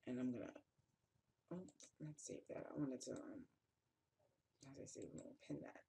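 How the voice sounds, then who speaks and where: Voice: medium pitch, lively intonation, normal speed, vocal fry, dark tone, a little hiss or hum. A fashion blogger walking through a screen tutorial, sounding exhausted and yawning, rambling casually with many restarts. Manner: rambling, thinking aloud with restarts. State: tired, yawning.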